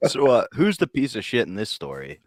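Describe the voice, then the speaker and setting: A man's voice: mid-range voice, wildly swooping pitch, brisk, no room sound, studio quality. A man co-hosting a comedy podcast, asking wry, provocative questions in casual chat. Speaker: podcast co-host.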